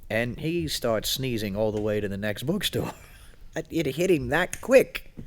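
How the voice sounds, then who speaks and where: A man's voice: mid-range voice, animated, measured pace. A man co-hosting a casual podcast chat, a rambling storyteller who laughs often and acts out quotes. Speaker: podcast co-host.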